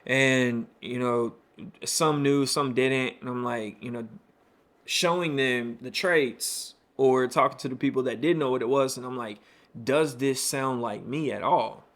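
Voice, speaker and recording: A man's voice: medium pitch, a little slow, a bit bright. Candid man telling his own story. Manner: candid, conversational, many fillers and asides. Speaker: podcast host. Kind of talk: personal storytelling monologue.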